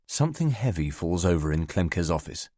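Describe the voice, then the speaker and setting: A man narrating a novel in the first person, in a measured storytelling manner. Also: deep voice, very animated, dark tone, no echo, clean studio sound. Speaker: audiobook narrator.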